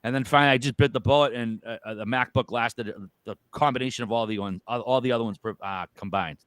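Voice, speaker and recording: A Boston man talks at a quick clip, his voice dry and close with no room around it. He is loud, joking and openly profane as he chats on a podcast. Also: mid-range voice, clean tone, no room sound. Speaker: podcast guest. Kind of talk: casual interview chat.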